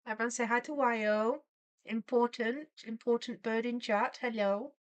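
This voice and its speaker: A young woman with a fairly high voice chats her way through a live stream, playful and quick to giggle. She greets each viewer by name in a loose, friendly patter while she works, speaking into a desk microphone. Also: steady tone. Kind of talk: casual live-stream chat while drawing.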